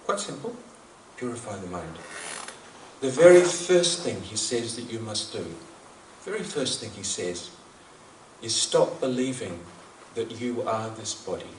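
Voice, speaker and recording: A man's voice: on the low side, big pitch swings, unhurried. Earnest man speaking in an echoey hall. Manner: earnest, thoughtful, with frequent restarts and repeated phrases. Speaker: speaker at a devotional gathering. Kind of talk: reflective spiritual talk. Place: large hall at a celebration. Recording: echoey hall, voice from far off, faint noise.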